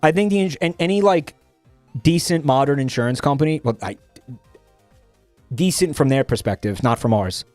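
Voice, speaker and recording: A man's voice: on the high side, normal speed, long pauses, a little mellow, no room sound, faint music behind. A young man streaming, chatting casually while reading posts, profane and rambling with many restarts.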